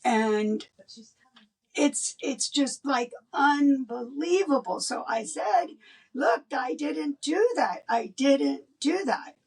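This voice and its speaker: An older woman, a guest in an interview, telling a personal story in an animated way and laughing between lines. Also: high voice, slow, far from the mic.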